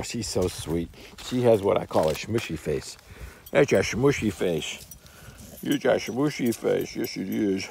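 A man's voice: low-pitched, vocal fry, mellow, slight background noise. A man vlogging outdoors in melting snow, talking to his dogs in affectionate baby talk and laughing often. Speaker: vlogger, dog owner.

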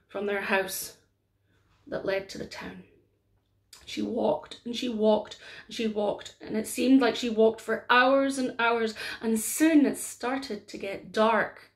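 A woman storyteller with a fairly high voice, telling a folk tale slowly and unhurriedly. She leans into the story with gentle drama.

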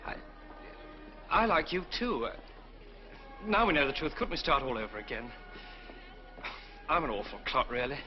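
An actor playing a shy, awkward young medical student who gets flustered and apologizes, in a 1950s film. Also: male voice, medium pitch, very animated, moderate pace, pauses often, natural voice. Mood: apologetic. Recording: dull old film soundtrack with music.

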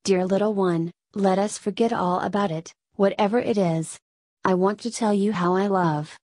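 Woman reading as a soothing, courtly gentleman. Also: mid-range voice, steady tone, moderate pace, no room sound, clean studio sound, close to an everyday voice. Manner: soothing and paternal. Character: gentle, courtly grown man comforting a woman.

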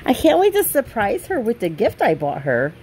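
A woman's voice: on the high side, wildly swooping pitch, normal speed, darkish tone, slight background noise, poor audio. A woman voicing a big playful male dog, chatty and pleased with himself. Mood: cheerful.

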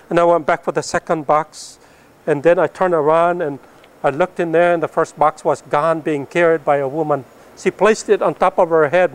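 A middle-aged man from the northern Philippines, telling his story as a missionary pilot in an animated testimony to an audience, growing loud and then falling soft at the ends of lines. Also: a little high. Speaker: missionary pilot and Bible translator.

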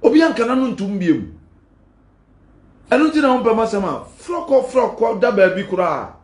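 Ghanaian male pastor, high voice, heated preaching, defiant and combative. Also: very animated, normal speed, roomy sound. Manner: mixes Twi and Pidgin English, fiery and defiant.

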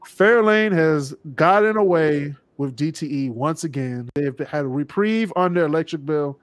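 A podcast host chatting with friends, joking and now and then slipping into impressions of people. His voice sits a bit high and swings widely in pitch. The sound is dry and close, with little room around it. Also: moderate pace, dry recording. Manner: animated, joking, mimics people. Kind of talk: casual chat.

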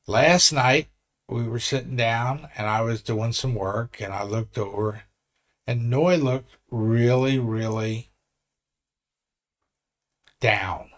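A male vlogger in his sixties tells a story in an earnest, rambling way, often restarting. His mid-range voice has fairly even intonation, and he speaks slowly with long pauses in casual vlog talk.

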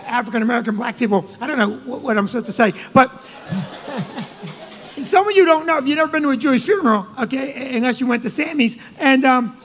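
Man, high voice, live comic storytelling, swearing, shouted punchlines, long hall reverb. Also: a little fast. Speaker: comedian and co-host.

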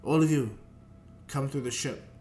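A man's voice: mid-range voice, normal speed, darkish tone, soft background music, close to an everyday voice. A man voicing a scheming, commanding little wizard villain in a fan-made story narration. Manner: eager, commanding.

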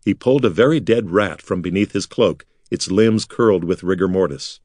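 A man reading a children's adventure book aloud in steady scripted narration. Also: low voice, moderate pace, no room sound, clean studio sound. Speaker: audiobook narrator.

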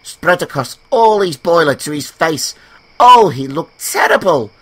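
A man's voice: on the high side, big pitch swings, a little slow, slightly rough, pitched above the performer's own voice, heavily acted. A man doing a vain, teasing male engine. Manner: mocking, theatrical. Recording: loud background music.

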